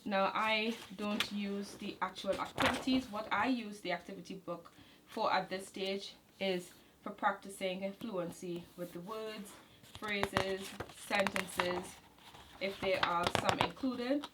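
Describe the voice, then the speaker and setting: A woman's voice: mid-range voice, steady tone, slow pace, heavy background noise. A woman hosting a homeschool channel, walking through a curriculum manual in a casual, explanatory way with fillers and self-corrections.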